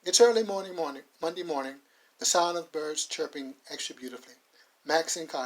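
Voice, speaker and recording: Male narrator, measured and poetic delivery, slightly high voice. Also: low-quality recording. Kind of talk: dramatic story narration.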